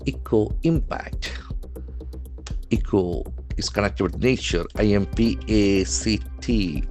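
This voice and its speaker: A man gives a patient vocabulary lesson in a somewhat low voice. He talks deliberately and spells each key word out letter by letter. Faint music plays underneath. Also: a little mellow. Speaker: English language trainer.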